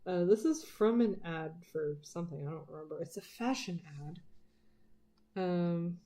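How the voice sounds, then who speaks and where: A woman's voice: fairly low pitch, unhurried, warm tone. A woman chatting casually while drawing on a live stream, rambling and swearing freely, often dropping to a murmur as she works. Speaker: art streamer.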